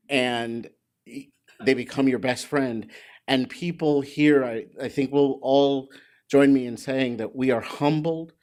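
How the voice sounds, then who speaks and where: A man in his forties gives a heartfelt graduation speech, halting and restarting as he talks. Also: medium pitch. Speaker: graduate speaker.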